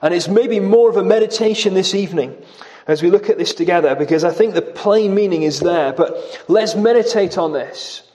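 Preaching an expository sermon, a man slows down to stress the scripture he quotes and repeats key words for emphasis. His voice is high-pitched with a dark tone.

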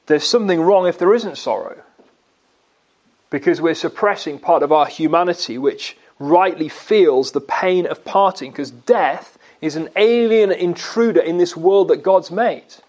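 A man preaching a sermon, asking his listeners questions and answering them himself, and slowing down to stress key words. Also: on the high side, a little mellow. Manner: slow, emphatic delivery on key words.

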